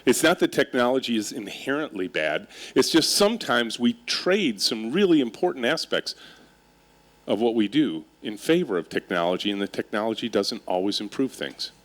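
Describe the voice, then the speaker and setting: A man's voice: medium pitch, normal speed. A middle-aged man giving a humorous keynote speech on stage, telling stories with wry, self-mocking humor and drawing the audience in with questions. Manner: animated storytelling with audience interaction. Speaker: keynote speaker and company leader. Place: stage before a live audience.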